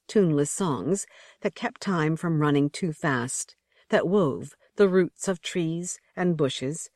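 A woman's voice: low voice, darkish tone, no room sound, studio quality. A woman narrating an audiobook story with vivid, rhythmic storytelling. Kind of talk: expressive scripted narration.

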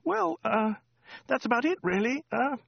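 A man voicing a terrified peasant woman who stammers in a high, strangled squeak. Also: lively intonation, a little slow, creaky, muffled recording, full character voice. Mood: frantic.

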